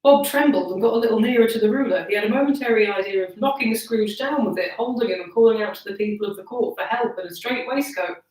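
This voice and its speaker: A young woman giving a live reading of a classic story, expressive and slightly strained in voice, from her living room by a wood burner. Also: mid-range voice, fast, hardly any pauses, far from the mic. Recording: echoey room, away from mic.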